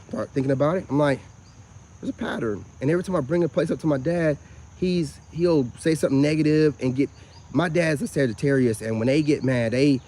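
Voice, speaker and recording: A man rambles through a long personal story, his voice sitting a little high for a man. He talks casually and animatedly to the camera, out of doors, with crickets chirping behind him. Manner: rambling, animated storytelling with frequent "you know what I'm saying". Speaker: self-styled spiritual vlogger.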